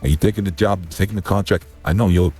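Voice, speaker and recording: A man's voice: low-pitched, quick pace, dark tone, breathy edge, soft background music, voice pushed down. A man voicing an angry, condescending middle-aged male mob boss who swears and rambles as he hands out orders. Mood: bossy.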